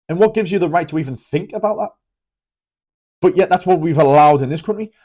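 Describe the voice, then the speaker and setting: A man's voice: sits high, big pitch swings, fast talker, dark tone, breathy edge. Rambling British man ranting to camera. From Britain. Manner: rambling, ranting, restarts often; blunt, swears freely. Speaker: vlogger. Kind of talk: casual opinion monologue.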